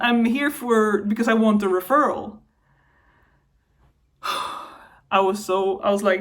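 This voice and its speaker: A woman's voice: medium pitch, fairly even intonation, slow pace, long pauses. A young woman in a personal vlog, talking to camera while upset and venting, her voice wavering between anger and tears. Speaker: vlogger.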